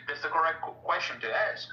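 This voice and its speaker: A man with an Italian accent from Italy, calling in to a casual group chat and speaking haltingly with many restarts. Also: a little high, pushed and bright, slight background noise. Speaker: caller. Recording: echoey, distant, dull sound.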